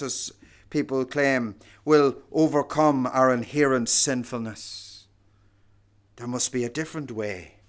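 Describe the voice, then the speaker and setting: Guy preaching slow and deliberate, kinda high voice, goes quiet then booms. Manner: slow, emphatic preaching with dramatic dynamic swings. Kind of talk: sermon.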